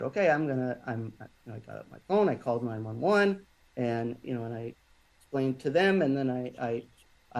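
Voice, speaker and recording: A man talking on a podcast at a mid pitch, telling a personal story in an unpolished way. He stops and restarts often and fills gaps with fillers. His tone is plain and conversational. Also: darkish tone, low-quality recording. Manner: halting, many restarts and fillers. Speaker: podcast guest.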